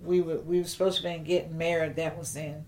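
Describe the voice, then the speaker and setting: An older woman, telling a personal story in an interview, slow and reflective with halting restarts. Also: sits low, level tone, darkish tone, a little hiss or hum.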